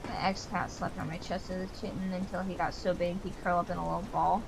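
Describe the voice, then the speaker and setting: A woman's voice: on the low side, fast talker, gravelly, background noise. Chatty young woman streaming a game. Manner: chatty, rambling, full of "like" fillers; animated storyteller, playfully exasperated. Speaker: gaming streamer. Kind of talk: casual chat while playing a game.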